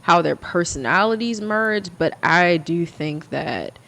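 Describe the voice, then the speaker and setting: A woman's voice: lowish voice, animated, measured pace, gravelly, fairly bright tone. A woman hosting her own channel, chatting casually in a musing way and often correcting herself. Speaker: channel host. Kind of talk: casual vlog commentary.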